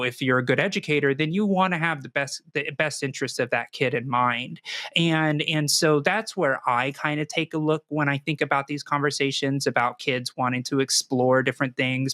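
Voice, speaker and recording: Animated man with a fairly high voice. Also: no echo, clean studio sound. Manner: animated, restarts often, acts out quoted kids. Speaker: co-host, educator and parent. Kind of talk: casual discussion with a caller.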